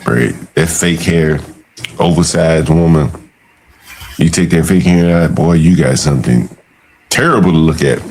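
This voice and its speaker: A man co-hosting a casual podcast chat, breaking into drawn-out exclamations and laughing often. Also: rumbling low, darkish tone, breathy edge. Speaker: co-host.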